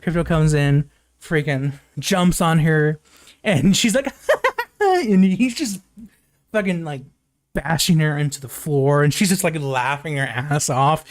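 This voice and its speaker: A young man recaps a film in a loose, rambling live review, leaning on "like" and "um" and swearing freely. His voice sits a little high, and it sounds close and dry with no room sound. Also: measured pace, no echo. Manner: rambling plot recap, lots of fillers and swearing. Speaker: movie reviewer. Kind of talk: casual live movie review.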